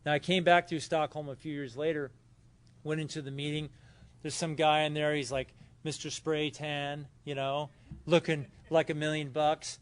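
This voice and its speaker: Man, recovery meeting speaker, casual storyteller, fillers, somewhat high voice. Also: level tone, moderate pace, smooth. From Southern California. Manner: casual, storytelling with acted quotes and frequent fillers. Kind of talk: personal story talk at a convention. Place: hotel conference room.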